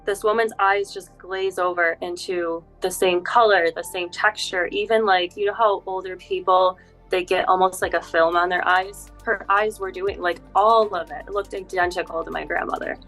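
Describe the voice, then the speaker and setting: Animated woman telling a story. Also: lowish voice, soft background music, low-quality recording. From Upstate New York. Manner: animated storyteller, quick laughs. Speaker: guest, spiritual healer. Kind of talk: casual interview chat.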